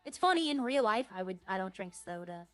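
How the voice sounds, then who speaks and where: A woman's voice: medium pitch, very animated, brisk, fairly bright tone, no echo, soft background music. A woman streaming a roleplay game, chatting casually and jokily to her viewers in a rambling way.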